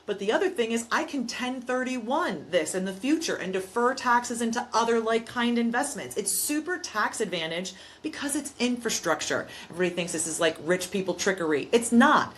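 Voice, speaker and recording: A woman's voice: fairly high pitch, animated, a little fast, few pauses, a bit bright, slight background noise. A woman property manager and investor talking in a casual podcast conversation, explaining things emphatically and telling stories in which she acts out both sides.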